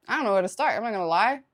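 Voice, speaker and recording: A woman's voice: on the high side, fairly bright tone. A young woman live streaming, chatting casually with her viewers, laughing often and thanking them for subscriptions.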